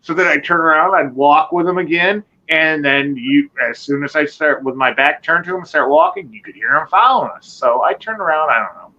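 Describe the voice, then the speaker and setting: A man recounts a nighttime encounter in a loose, rambling way, cursing freely and jumping into the voices of the people in his story. His tone is bright and forceful, and the sound is dull and lo-fi, like an online call. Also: fairly high pitch, fairly quick, hardly any pauses. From Michigan. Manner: animated, rambling, swearing, acts out quotes. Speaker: guest telling an encounter story. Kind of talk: casual storytelling on a live show.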